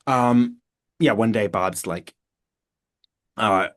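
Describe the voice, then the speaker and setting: A man, an author and podcast guest, telling anecdotes in a casual, animated way, with many fillers and restarts. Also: lowish voice, extremely slow.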